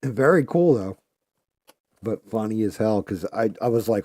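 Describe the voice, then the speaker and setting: A man with a low voice and a mellow, dark tone tells an anecdote in a relaxed, profane way. He talks loosely with plenty of filler words and gets animated whenever he quotes someone. The sound is dry and close. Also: moderate pace, no room sound. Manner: animated when quoting others. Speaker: live stream host. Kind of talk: casual storytelling while painting.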